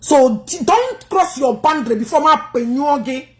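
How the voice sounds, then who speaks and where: A Nigerian woman with an Igbo accent rants combatively on a livestream. Her voice sits high, and she scolds her viewers head-on. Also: expressive, moderate pace.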